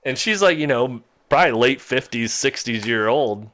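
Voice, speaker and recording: A man spins a story to his friends in an animated, chatty way, often breaking into laughter. His voice is bright and ringing, at an average pitch for a man. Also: moderate pace. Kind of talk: casual storytelling chat.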